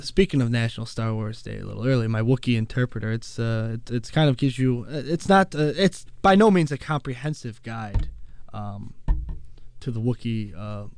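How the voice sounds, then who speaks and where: Rambling man hosting with a gravelly voice. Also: mid-range voice, normal speed, darkish tone, no room sound, soft background music. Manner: rambling, full of fillers and asides. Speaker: host. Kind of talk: casual rambling monologue.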